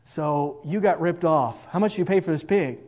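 A man's voice: a little high, normal speed, a little mellow, natural voice. A man voicing a matter-of-fact country veterinarian.

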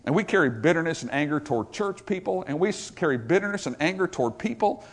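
A man preaching a sermon, emphatic and repetitive, swinging from loud stresses to hushed lines. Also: fairly high pitch, lively intonation, fast.

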